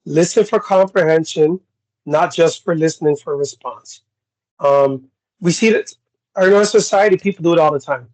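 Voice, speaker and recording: Blunt high-voiced Canadian man. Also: normal speed, poor audio. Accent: Canadian English. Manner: blunt, animated, acts out quoted exchanges. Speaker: podcast co-host. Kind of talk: casual podcast chat.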